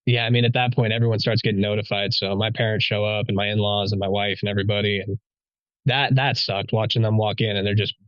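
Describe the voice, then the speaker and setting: A police officer guest telling a story in a casual podcast chat, rambling with many fillers and a wry sense of humor. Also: male voice, on the low side, fairly even intonation, fast talker, no echo, lo-fi sound.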